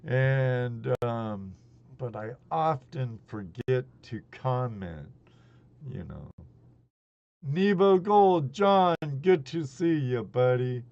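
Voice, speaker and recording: A man in his sixties hosts a relaxed live stream. He talks in an unhurried drawl with a gravelly edge, and his rambling, chummy chat comes through dull lo-fi stream audio. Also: mid-range voice. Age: 60s. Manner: greets chat viewers by name, rambling and chummy.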